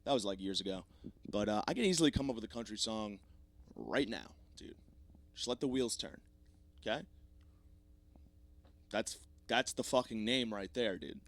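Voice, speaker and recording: A man in his 30s with a fairly low voice hosts a comedic solo podcast, speaking animatedly at normal speed with long pauses. His rant is profane, rambling and self-mocking, his voice slightly sore, in a dry recording with dry booth sound.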